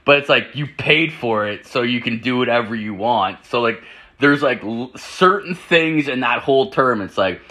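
Rambling, profane man with a bright voice. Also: mid-range voice, moderate pace. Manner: rambling, profane, full of "like" fillers; animated, jumps into acted-out quotes. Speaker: podcast host. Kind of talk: crude casual storytelling.

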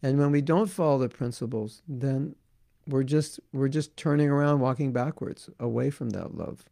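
A man's voice: mid-range voice, moderate pace, creaky, dark tone, no room sound, studio quality. A man giving a devotional talk as a spiritual teacher, earnest and repetitive, often saying "you know", then taking viewer questions.

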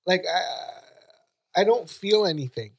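A man's voice: high voice, lively intonation, takes it slowly, breathy edge. A man co-hosting a podcast in casual chat, rambling and hesitant with many restarts. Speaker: podcast co-host.

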